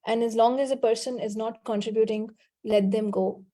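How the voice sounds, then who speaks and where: Female coach on a video call, talks straight and scolding, mellow voice pitched a bit high. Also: fairly even intonation, normal speed. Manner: blunt, direct, scolding. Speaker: healing coach and call facilitator.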